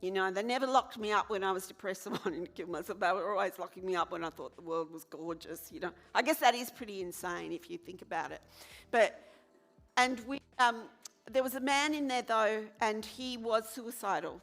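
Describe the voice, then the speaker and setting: A woman's voice: mid-range voice, fairly quick, faint music behind. A woman telling a frank, comic personal story to an audience. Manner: frank, comic, acts out quoted voices loudly. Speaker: speaker sharing lived experience. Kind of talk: animated storytelling.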